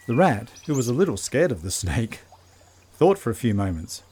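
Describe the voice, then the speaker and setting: Man gently reading a children's story. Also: medium pitch, big pitch swings, normal speed, husky.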